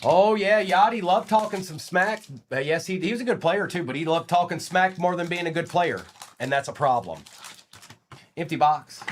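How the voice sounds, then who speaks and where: A man's voice: sits high, moderate pace, a little hiss or hum. A man hosting a live trading card break stream, calling out each card and chatting casually with viewers. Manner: animated, calls out cards while chatting with viewers.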